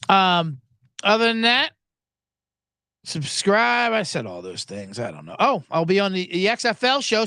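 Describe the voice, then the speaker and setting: Host, male, high and animated, rambling and profane, dry close sound. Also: no room sound. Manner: rambling, profane and self-interrupting. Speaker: sports betting podcast host. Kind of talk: comedic solo sports-gambling monologue.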